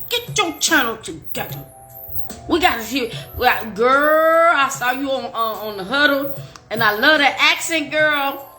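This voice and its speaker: A woman's voice: mid-range voice, pushed and bright. A woman hosting a casual live stream, playful and joking, laughing often between lines.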